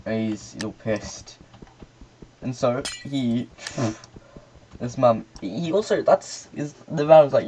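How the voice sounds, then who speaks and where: A man's voice: medium pitch, expressive, slow, pauses often, dark tone, slight background noise, rough recording. A man rambling through a casual, sweary history explanation while getting distracted by the game he is playing. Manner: loose and offhand, trails off.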